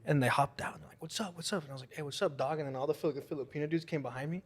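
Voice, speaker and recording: A man's voice: on the high side, very fast, slightly rough. A young man telling profane party and fight stories on a podcast, acting out what people said. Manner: animated, profane storyteller acting out quotes. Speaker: guest. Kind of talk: casual podcast storytelling. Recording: long room reverb.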